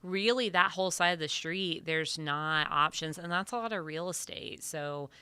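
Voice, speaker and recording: Woman, podcast co-host, casual joking chat, lower pitch, bright clear voice. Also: moderate pace, dry recording. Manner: joking, laughs often.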